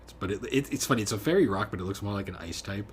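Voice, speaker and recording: A man's voice: lowish voice, lively intonation, rapid-fire, a little hiss or hum. A man co-hosting a podcast in casual chat, giving blunt, dismissive opinions with frequent restarts. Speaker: podcast co-host.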